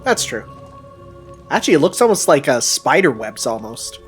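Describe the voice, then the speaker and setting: A man's voice: mid-range voice, sing-song, normal speed, soft background music. A young man co-commenting on a video game, chatty and upbeat, laughing easily. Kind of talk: casual let's play commentary.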